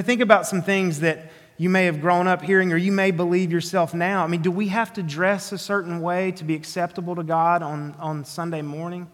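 A man's voice: high voice, fairly bright tone, in a large hall. A man with a Southern drawl preaching an earnest, emphatic sermon, often restarting his phrases. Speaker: pastor.

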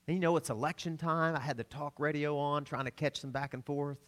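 A middle-aged Southern preacher tells stories through his sermon, laughing and snapping between loud and quiet. His voice is a little high and steady in tone, and he speaks quickly with hardly any pauses.

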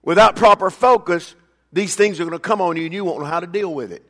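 An older man preaching a sermon as pastor, swinging between loud emphatic bursts and quiet asides, calling on the congregation by name. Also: high voice, quick pace. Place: church sanctuary. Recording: long reverb of a church hall.

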